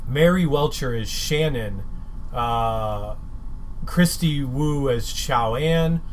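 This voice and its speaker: Slow-talking man reading show credits. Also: medium pitch, slight background noise. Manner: measured, hesitant fillers. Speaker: podcast co-host. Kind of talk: casual podcast chat, reading episode credits.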